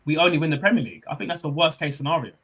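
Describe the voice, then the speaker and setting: A young man hosting a casual football livestream chat, excitable and full of banter and street slang. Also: a little high, racing, breathy edge. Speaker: podcast host.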